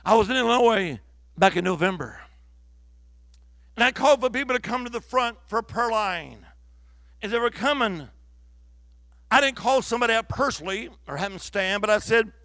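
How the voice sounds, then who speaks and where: A male preacher, telling stories in a sermon, moving between loud declarations and hushed whispers in church. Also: sits high, fairly quick, vocal fry, dry recording.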